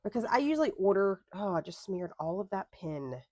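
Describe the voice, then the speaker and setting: A woman's voice: medium pitch, sing-song, a little fast, darkish tone, dry recording, clean studio sound. A young adult woman chatting casually at a home craft desk, rambling into tangents and correcting herself as she goes. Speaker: planner vlogger. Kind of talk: casual chat while crafting.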